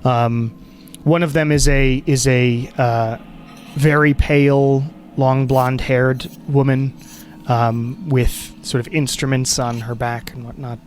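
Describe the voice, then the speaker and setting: A man's voice: mid-range voice, steady tone, slow, darkish tone. A man running a tabletop game as game master, describing scenes in a rambling way full of fillers and restarts.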